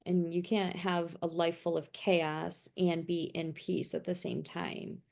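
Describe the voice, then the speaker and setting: Podcast host, a woman with a gravelly low voice who guides the chat thoughtfully. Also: little pitch movement, a little slow, a little mellow.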